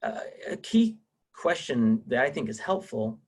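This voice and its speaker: A man with a husky, slightly breathy voice, teaching in a relaxed sermon style. He wanders through personal stories, restarting phrases and dropping in fillers as he goes. His pitch sits in an ordinary middle range. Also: a little slow.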